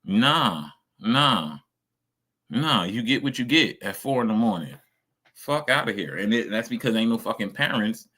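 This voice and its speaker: A man's voice: on the low side, lively intonation, measured pace, sharp tone. A man streaming casual reaction commentary, ranting emphatically and swearing a lot.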